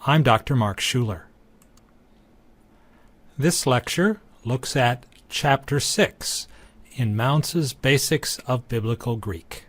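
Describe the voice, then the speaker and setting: A man giving a recorded lecture, teaching in a measured, deliberate way. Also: medium pitch, no echo.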